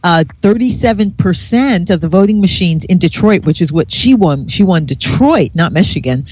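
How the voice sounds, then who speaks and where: A man's voice: high-pitched, expressive, moderate pace, a little mellow, slightly rough, no echo, muffled recording. A man in casual political chat who scoffs at the other side and speaks with open indignation.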